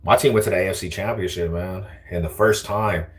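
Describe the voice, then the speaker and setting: A man's voice: sits low, steady tone, brisk. A young man trash-talking viewers on a casual livestream from a car, taunting and slangy.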